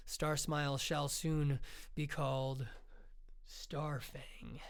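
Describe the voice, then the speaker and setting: A man voicing an ancient, solemn tree spirit that speaks in slow, measured, chanted verse in an audiobook reading. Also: medium pitch, clear, resonant tone.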